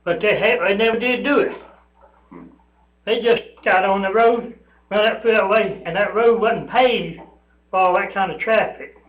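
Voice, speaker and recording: Older man, high voice, slow rambling public comment; echoey hall, lo-fi sound. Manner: rambling, aggrieved, repeats himself. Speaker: public commenter at county meeting. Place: county meeting room. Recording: echoey room, dull lo-fi sound.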